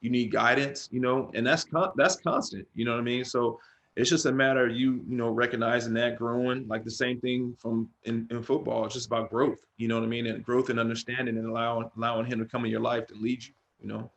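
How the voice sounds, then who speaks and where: A man's voice: medium pitch, level tone, fast, a bit bright. A middle-aged man, a former pro football player, tells stories in a loose, casual interview and keeps dropping "man" and "bro.".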